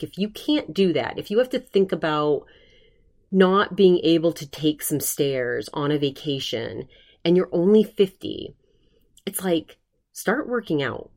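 A woman's voice: low voice, darkish tone. A woman hosting a solo podcast, talking earnestly and rambling with many restarts, emotional while recovering from covid. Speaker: podcast host.

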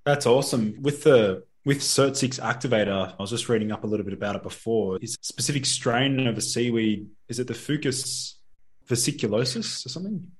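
A man's voice: medium pitch, a little fast. A man hosting a podcast, asking questions in a casual, curious way. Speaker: podcast host. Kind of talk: podcast interview.

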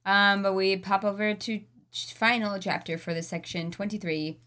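A woman's voice: medium pitch, steady tone, moderate pace, sharp tone. A woman co-hosting a casual book discussion podcast, summing up chapters in a dry, wry way. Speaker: podcast co-host.

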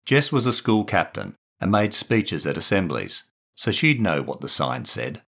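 Expressive man reading stories. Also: low-pitched, a little slow. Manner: expressive storyteller. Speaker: writer and narrator. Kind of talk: reading his own short stories.

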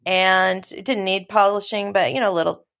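A middle-aged woman from Los Angeles talks casually as a guest. She is chatty and animated, at a middle pitch for a woman, and tells her stories with quick asides. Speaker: interview guest, film producer. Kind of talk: casual conversation.

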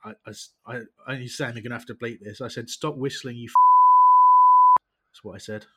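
A man hosts a casual football podcast with a husky voice. He grumbles wryly at his own expense, short-tempered from quitting vaping. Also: medium pitch, fairly even intonation, fast talker, a bit bright. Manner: wry, grumbling, self-deprecating. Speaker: podcast host.

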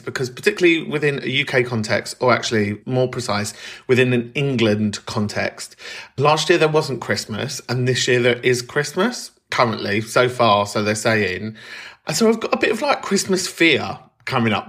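A man's voice: medium pitch, animated, moderate pace, a bit bright. A man hosting a comedy podcast in a casual monologue, chatty, playful and sweary. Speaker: podcast host.

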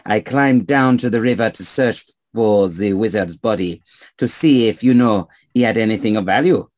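A man's voice: lowish voice, normal speed, a little mellow, dry recording, close to an everyday voice. A man voicing a teasing, evasive Vistani man with a put-on French accent. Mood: sly. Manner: teasing, playful.

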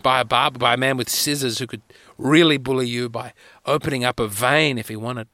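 A man's voice: mid-range voice, steady tone, brisk, pushed and bright, dry recording. A man hosting a podcast, telling rambling, wry, self-mocking stories in a solo monologue on a close mic. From Australia. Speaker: podcast host.

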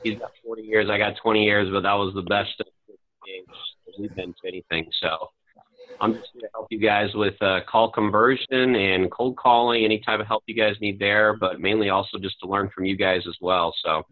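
A man joining a group video call as a first-time guest, friendly and a little halting. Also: on the low side, fairly even intonation, no room sound. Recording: dry, phone-like line.

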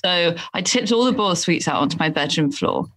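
A woman's voice: fairly low pitch, a little fast, faint music behind. A woman telling a self-deprecating anecdote in casual chat. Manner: animated storyteller, self-deprecating. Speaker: guest telling a story.

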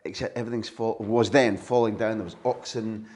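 Lowish-voiced Scottish host spinning yarns. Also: male voice, steady tone, a little fast, darkish tone. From Scotland. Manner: rambling, vivid anecdotes. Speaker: podcast host, football journalist. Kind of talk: casual chat.

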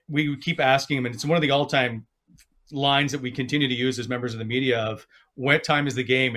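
A man hosting a casual sports podcast, telling stories and acting out quotes. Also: medium pitch. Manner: storytelling, animated with quoted voices. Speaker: podcast host.

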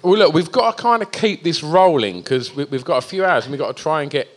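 A man's voice: on the high side, animated, fast talker, low-quality recording. A man hosting a casual chat, sweary and teasing. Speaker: host.

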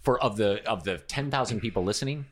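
Middle-aged male podcast host, very low voice, reflective, halting delivery. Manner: thoughtful, hesitant, many restarts. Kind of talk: casual conversation.

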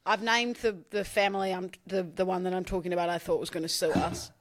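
A young man co-hosting a podcast, chatty and quick, telling stories and teasing back. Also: high voice, flat delivery, fairly bright tone. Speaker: podcast co-host. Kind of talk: casual banter.

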